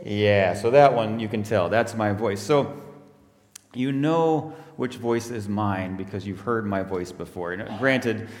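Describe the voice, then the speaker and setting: A minister with a lowish voice speaks in a friendly, explaining way to the children. The sound carries a long reverb through a large church hall. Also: male voice, unhurried. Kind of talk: children's talk in a church service.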